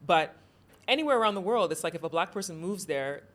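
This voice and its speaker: A woman born in Ghana hosting an interview, talking in an animated, storytelling way. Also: on the low side, quick pace. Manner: animated, storytelling, rising emphasis. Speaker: host. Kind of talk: casual interview chat.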